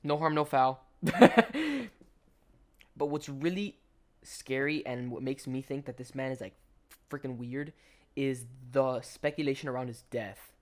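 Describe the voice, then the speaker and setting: Young guy, casual storytelling commentary, slangy and rambling, mid-pitched voice. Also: steady tone, moderate pace. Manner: rambling, slangy, full of "like" and restarts. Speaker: gaming commentator. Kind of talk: casual storytelling over gameplay.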